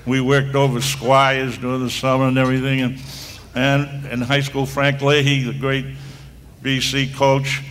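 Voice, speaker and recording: A man's voice: mid-range voice, level tone, unhurried, a bit bright, slight background noise. An older man giving a rambling, anecdotal speech at a hall of fame induction, full of restarts and asides. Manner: rambling storyteller with frequent restarts.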